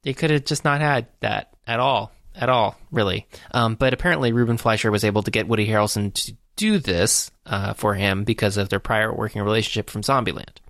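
Low-voiced man rambling through a recap. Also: fairly quick, hardly any pauses, a bit bright, no room sound, clean studio sound. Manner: rambling, filler-heavy storytelling. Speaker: podcast co-host. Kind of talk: casual movie recap chat.

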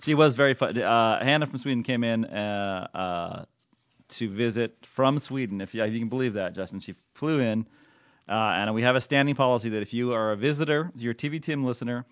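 A man's voice: medium pitch, a little fast, dry recording. Rambling male podcast host, dry mic. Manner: rambling, lots of filler and laughter. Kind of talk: casual chat.

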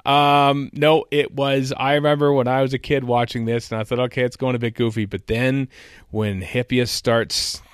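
A man's voice: medium pitch, level tone, normal speed, clear, resonant tone, no room sound, clean studio sound. A man co-hosting a podcast, chatting casually with a wry, laughing manner. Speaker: podcast co-host. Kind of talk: casual chat.

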